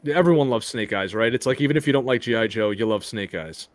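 A man's voice: medium pitch, fast talker. A man hosting a live toy chat stream, talking casually with lots of restarts and stumbles and some casual swearing.

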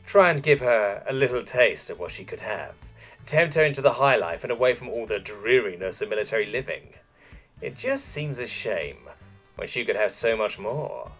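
A scheming alien socialite woman, as a man puts her on for a storybook reading purrs her lines in a silky, teasing tone. The voice is a little husky and swings widely in pitch. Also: animated, moderate pace, fairly bright tone, soft background music. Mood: smug, coaxing.

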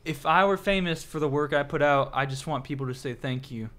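A man's voice: on the high side, brisk, a bit bright. A man hosting a casual late-night podcast, rambling through stories and acting out quotes. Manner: rambling storyteller, acts out quotes. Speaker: podcast host.

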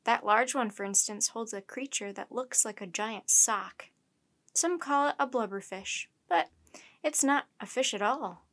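A woman's voice: on the high side, a little slow, a bit bright. A woman voicing a friendly, polite young male scientist who explains things patiently.

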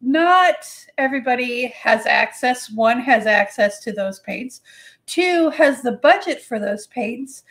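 A woman's voice: on the high side, expressive, takes it slowly, fairly bright tone. A woman hosting a live painting demo, chatty and folksy, talking to her paint as she works. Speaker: host.

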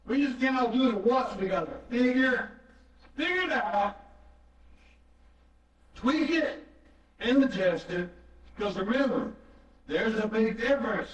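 A man's voice: extremely high pitch, lively intonation, a little slow, pauses often. A man preaching a sermon, telling a story in earnest and repeating phrases for emphasis. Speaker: pastor. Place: church sanctuary. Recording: echoey, distant, dull church recording.

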